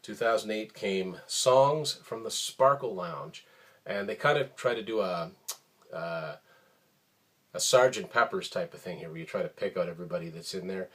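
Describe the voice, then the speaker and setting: A man hosting a casual show about his music collection, talking in a relaxed, rambling way with many ums and uhs. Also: low voice, moderate pace. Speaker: host of a record collection show. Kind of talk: casual show-and-tell talk.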